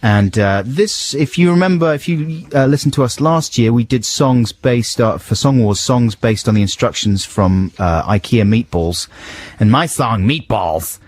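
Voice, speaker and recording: A man's voice: medium pitch, expressive, measured pace, a little mellow, dry recording. A man hosting a radio show, chatting in a loose, rambling way. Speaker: radio host. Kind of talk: casual radio chat. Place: radio studio. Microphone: studio mic.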